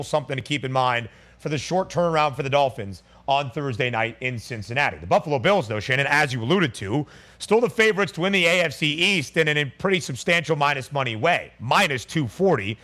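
A man hosting a sports betting radio show, briskly rattling off odds and numbers. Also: mid-range voice, a bit bright.

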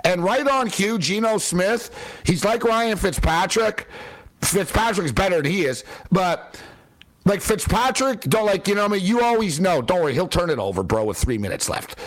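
High-voiced man ranting about football. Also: expressive, moderate pace. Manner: exasperated, sarcastic, ranting. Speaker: sports commentator. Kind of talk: opinionated sports rant.

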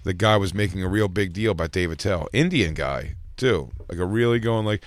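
A man's voice: a little fast, no echo. A man hosting a comedy radio show, telling stories in casual chat and mimicking people he quotes. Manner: storytelling, acts out others in a high voice.

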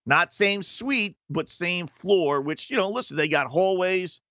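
Chatty bright-voiced male radio host. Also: high voice, animated, a little slow, no room sound. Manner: chatty and self-mocking, acts out quoted people. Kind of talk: casual storytelling monologue.

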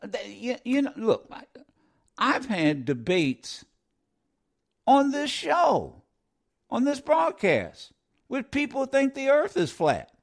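A man's voice: very high-pitched, huge pitch swings, slow, gravelly, pauses often. A man hosting a live radio talk show, rambling with many fillers and restarts, blunt and opinionated.

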